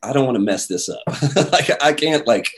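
A man telling a story in casual chat, animated, acting out the voices of the people in it. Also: medium pitch, normal speed. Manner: animated, acts out quoted voices, many "like"s.

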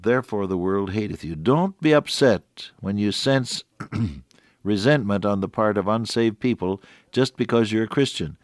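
A man's voice: fairly low pitch, normal speed, dry recording, studio quality. A man preaching a radio sermon in a folksy, earnest way, stretching out key words for emphasis.

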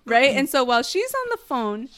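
A woman recaps a TV show with her friend, swearing freely and acting out the characters' lines as she goes. Her voice sits a little high and swings widely in pitch. The sound is dry and close. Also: moderate pace, no room sound. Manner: animated, profane, acts out characters' lines. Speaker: podcast co-host recapping a show. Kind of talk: casual chat.

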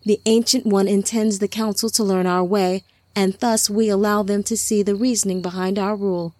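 Woman speaking as a calm, gentle divine lord. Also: medium pitch, no echo, close to an everyday voice. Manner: soft, measured, reassuring.

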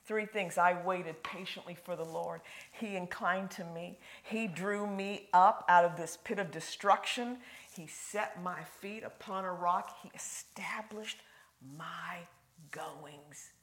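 Preaching unhurriedly in a fairly low voice, a woman delivers a folksy, conversational sermon. Her lines shift between loud emphasis and near-whispers.

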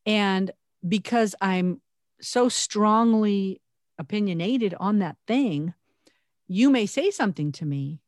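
A woman co-hosting a podcast, talking earnestly and reflectively with animated emphasis. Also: medium pitch, slow pace, no echo, studio quality. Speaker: podcast co-host. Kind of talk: conversational podcast talk.

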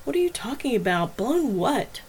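A woman's voice: on the high side, sing-song, moderate pace, darkish tone, husky. A woman voicing an adult sister who presses the heroine with insistent, exasperated questions in an audiobook reading. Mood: pressing.

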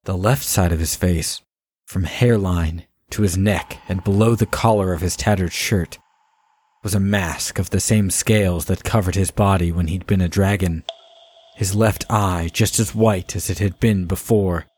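A man narrating a fantasy audiobook in a measured, even storytelling manner. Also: sits low, slight background noise.

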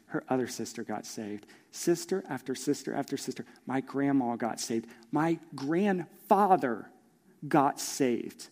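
Man, middle-aged, pastor, sermon, higher voice, hushed to loud, long hall echo. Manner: storytelling, acts out voices, swings from hushed to loud. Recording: long reverb of a large hall.

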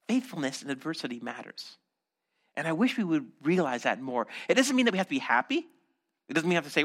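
A male pastor preaching in a casual, conversational way, with a bright, ringing tone. His pitch leaps around animatedly, and he acts out quoted voices, sliding from loud and high to low and hushed. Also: very animated, brisk. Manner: conversational preaching with frequent "right?" and repeated words. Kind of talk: sermon.

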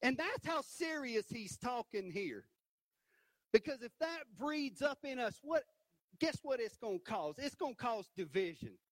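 A man preaching a sermon from a church stage, animated and emphatic, punctuating points with "right?". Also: extremely high pitch, a little slow, no echo, rough recording. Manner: animated, rising to emphatic peaks with repeated "right?".

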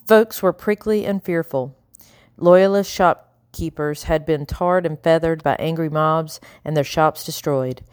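Low-voiced woman narrating an audiobook. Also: measured pace, a little mellow, smooth, no echo, studio quality. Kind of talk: scripted narration.

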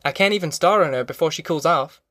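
Practical young farmhand, read by a male narrator; easygoing drawl, a touch higher than the narrator, dry close recording. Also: quick pace, fairly bright tone, dry recording, natural voice. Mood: steady. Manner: drawling rural dialect. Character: young adult male farm worker, steady and practical.

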